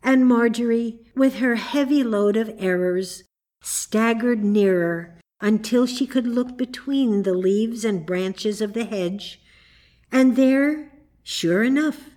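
A woman reading a children's storybook aloud, slow and expressive. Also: a little high. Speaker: narrator.

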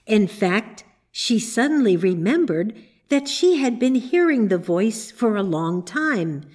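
A woman narrating a storybook in a measured, unhurried reading voice. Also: medium pitch, very animated, darkish tone.

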